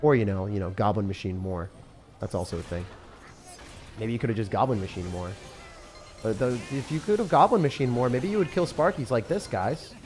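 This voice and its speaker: A young man commentating his own gameplay as a streamer, excitable and sarcastic, mocking what he complains about. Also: lowish voice, fairly quick. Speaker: game streamer. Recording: faint music behind.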